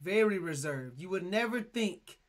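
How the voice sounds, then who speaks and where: A man's voice: high-pitched, unhurried. A young man co-hosting a podcast, telling stories in casual, emphatic chat. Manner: animated storytelling, emphatic. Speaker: podcast co-host.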